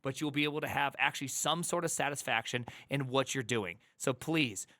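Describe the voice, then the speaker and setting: A man's voice: medium pitch, brisk, sharp tone, no echo. A man streaming live, reacting angrily to an article in a heated rant full of stammering restarts. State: angry and upset.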